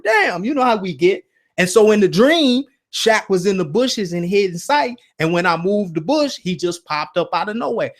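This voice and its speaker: A man hosting a casual spiritual talk, telling stories in an animated way and often checking in with "right?" and "you see?". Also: sits high. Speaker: host.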